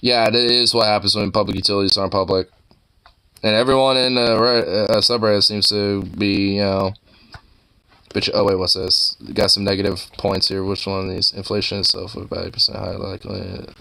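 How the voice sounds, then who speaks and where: Bright-toned man rambling profanely. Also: on the low side, flat delivery, a little fast, creaky. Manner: profane, rambling, full of fillers and restarts. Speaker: streamer browsing online posts. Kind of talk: casual rambling commentary.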